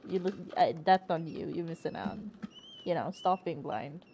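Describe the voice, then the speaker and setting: A woman's voice: deep voice, normal speed, a little hiss or hum. A woman streamer chatting casually and joking while she plays a story game. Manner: joking, animated asides with laughter. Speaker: streamer playing a narrative game. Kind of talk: casual gameplay commentary.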